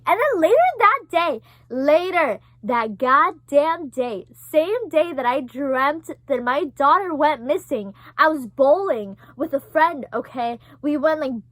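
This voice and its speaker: A young woman telling a story in a casual vlog, animated and profane, with many fillers. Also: sits high, no room sound. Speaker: vlogger.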